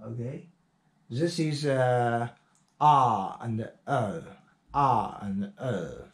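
A man with Chinese as his first language teaching English pronunciation, repeating words one at a time with drawn-out fillers. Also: mid-range voice, animated, roomy sound. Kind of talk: slow pronunciation drill lesson.

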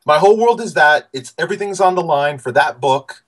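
A man in his forties, a guest in a casual interview, telling animated stories with many fillers and restarts. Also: a little high, a little fast.

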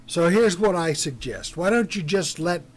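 A man voicing a small-town deputy who speaks in a calm, measured, firm way. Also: high-pitched.

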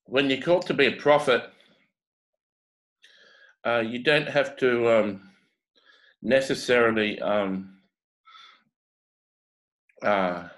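A man with a New Zealand accent giving a halting, unscripted prophetic reading, full of pauses and fillers. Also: mid-range voice, a bit bright, rough recording. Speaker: prophetic teacher.

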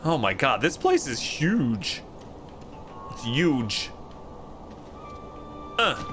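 Male streamer, excitable, drawling and animated, over game music. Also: medium pitch, extremely slow. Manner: excitable, exclaims at loot and deaths. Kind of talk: casual let's-play commentary.

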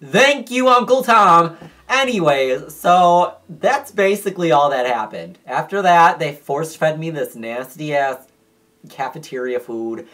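A man vlogging to camera, telling a personal story in a casual, profane, animated way and acting out the dialogue. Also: a little high, slow pace.

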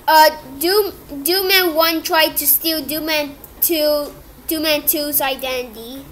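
Very high-voiced woman, halting homemade cartoon voicing. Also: steady tone, a bit bright. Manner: halting, improvised, many restarts. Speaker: creator voicing all characters.

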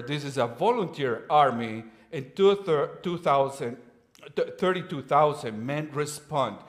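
A man preaching as a guest preacher, retelling scripture in casual modern phrasing and chuckling now and then. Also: on the high side. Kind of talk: sermon.

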